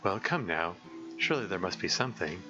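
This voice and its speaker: A man reading a calm, articulate teenage girl aloud in his own voice, measured and formal. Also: low voice, dull audio, music in the background, pitched below the performer's own voice. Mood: composed.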